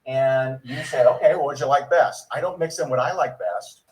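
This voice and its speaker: A man's voice: mid-range voice, normal speed, a little mellow, far from the mic, rough recording. A man giving a network marketing training and acting out sample conversations with prospects. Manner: conversational, acts out sample dialogues. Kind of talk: sales training talk.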